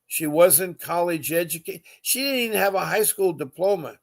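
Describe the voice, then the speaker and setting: A man's voice: sits high, lively intonation, normal speed, creaky. A man hosting a live podcast, talking earnestly and emotionally, often repeating himself and greeting viewers. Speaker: podcast host.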